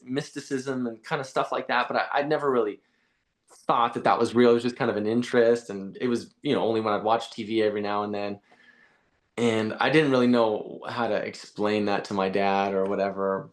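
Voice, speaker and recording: Casting: male guest, lowish voice, casual animated storyteller who acts out quotes. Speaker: podcast guest. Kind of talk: storytelling in conversation.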